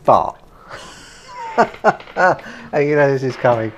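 A man with a British accent co-hosting a casual gaming podcast, animated and laughing often as he talks. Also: medium pitch, slow pace, dull audio, a little hiss or hum. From Britain. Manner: animated, laughs while talking, many fillers. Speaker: podcast co-host.

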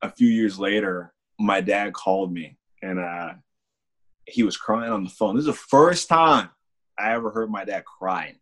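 Candid young man telling his story. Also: lowish voice. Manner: candid, halting, with small laughs and restarts; slows and softens on heartfelt lines. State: emotional, holding back tears. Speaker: testimony speaker. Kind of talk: personal testimony, casual storytelling.

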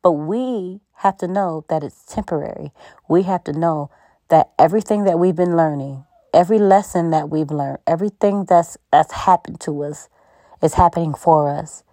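A woman's voice: fairly low pitch, normal speed, dark tone, no room sound. Encouraging woman host, dry close sound. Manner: conversational, preachy, laughs often. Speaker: podcast host. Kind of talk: encouraging faith-based pep talk.

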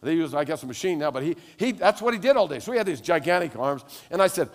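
An older man preaching a sermon as pastor, telling animated stories that rise to loud exclamations. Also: on the high side, fast talker, long reverb tail.

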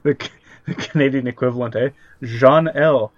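A man's voice: mid-range voice, a little hiss or hum. Podcast co-host: man, dry understated humor, stop-start delivery, slightly dull recording. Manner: dry, halting, repeats words. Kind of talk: casual movie ranking chat.

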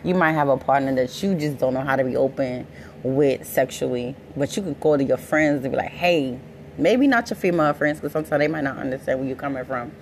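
A woman with a deep, low voice talks frankly and profanely in a loose, conversational monologue. When she gets heated, her voice rises and pushes harder. A faint hum of ambience sits behind her. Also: a little fast. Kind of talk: casual monologue.

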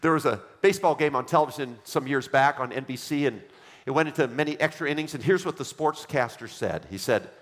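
A male pastor preaches with an emphatic, repetitive cadence, calling his congregation to read along. His voice sits at an ordinary middle pitch, and it carries a long reverb from a church hall. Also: fairly quick. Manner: emphatic preaching with repeated refrains; leads the congregation in reading aloud. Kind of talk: sermon.

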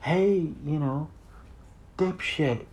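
Guy doing a nasty inner voice, yelling, pitched way up. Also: very slow. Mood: scornful. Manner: taunting, yelling. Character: harsh, insulting inner voice yelling abuse.

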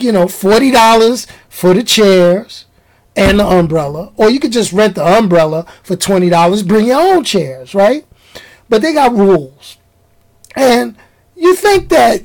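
A man talking to camera in a loose, rambling monologue, full of slang and asides. He jumps up in pitch to stress a point, then settles back into relaxed chat. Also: rough recording. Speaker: vlogger. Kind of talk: casual storytelling monologue.

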